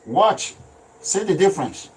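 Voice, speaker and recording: A man's voice: high-pitched, very animated, a little slow, very noisy. A man giving emphatic, repetitive political video commentary, lecturing his viewers.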